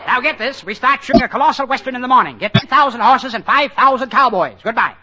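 A man's voice: very high voice, fast. A man playing a brash, self-important movie mogul who barks orders with comic bluster, in 1930s film comedy style. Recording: dull, hissy old film soundtrack.

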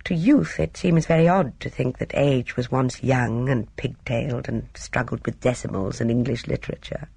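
An audiobook reader narrating a novel in an expressive, measured storytelling manner. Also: medium pitch, vocal fry, slightly rough, no room sound.

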